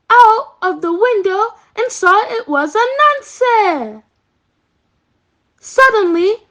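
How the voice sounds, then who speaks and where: A woman reading a children's story aloud slowly and carefully. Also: very high-pitched, fairly bright tone.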